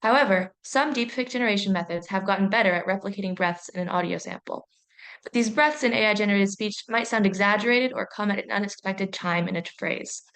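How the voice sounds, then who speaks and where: A young adult woman from a university, reading a training presentation in a clear, measured, explanatory way. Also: mid-range voice, a bit bright.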